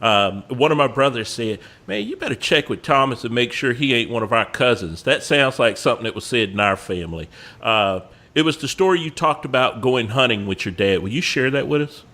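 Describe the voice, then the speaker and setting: A man hosts a podcast interview and asks his guest to share a story. He asks in a friendly, drawn-out way, and his voice sounds bright and crisp. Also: mid-range voice, expressive. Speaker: podcast host.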